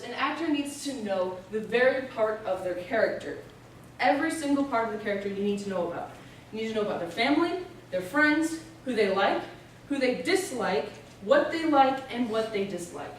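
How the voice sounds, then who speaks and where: A young woman giving an informative speech as a student presenter, explaining steadily with the odd filler pause. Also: a little high, sing-song, slight background noise. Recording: echoey room, voice from a distance.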